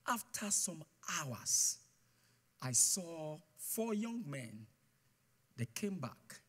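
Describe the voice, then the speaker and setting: A man preaching a guest sermon, telling his testimony with mounting passion and bursts into shouted declarations. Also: high-pitched, sing-song, slow, slightly rough. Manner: impassioned storytelling, swelling to shouted declarations. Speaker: guest pastor. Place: church sanctuary. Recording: long church hall reverb.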